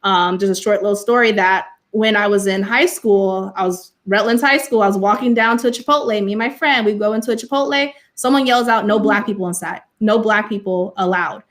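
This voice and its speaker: An earnest young woman from California speaks on a panel discussion at a medium pitch. She tells her own story with conviction and keeps leaning on "you know" as she talks. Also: brisk, hardly any pauses, fairly bright tone. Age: young adult. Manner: passionate, heavy use of "you know". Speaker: panelist and teacher.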